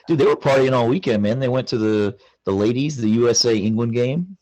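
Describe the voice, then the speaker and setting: A man's voice: mid-range voice, fairly quick, warm tone, no echo, rough recording. A man co-hosting a casual soccer podcast, joking and folksy with a drawl. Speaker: podcast co-host. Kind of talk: casual chat.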